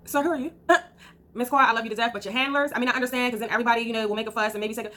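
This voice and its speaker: A woman vlogger telling a casual storytime, animated and acting out what people said. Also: fairly high pitch, rapid-fire, slight background noise. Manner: animated, acts out quotes, trails off with blah blah.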